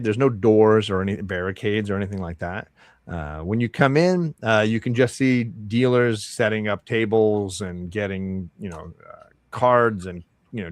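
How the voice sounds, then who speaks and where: Low-voiced man running a tabletop game. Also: dry recording, studio quality. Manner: relaxed, rambling, many fillers and restarts. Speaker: dungeon master.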